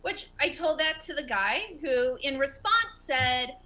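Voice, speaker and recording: Bright-voiced woman comic who stutters. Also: high-pitched, animated, unhurried, low-quality recording. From America. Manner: stutters, self-deprecating. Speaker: stand-up comedian. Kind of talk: stand-up set on a video call. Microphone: video call.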